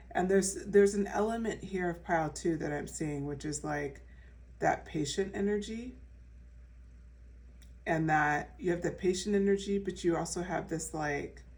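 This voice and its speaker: Woman tarot reader, casual and reassuring, slightly low voice, mic set back a bit. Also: a little mellow, distant mic. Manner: chatty and reassuring, full of fillers and restarts. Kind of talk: casual pick-a-card tarot reading.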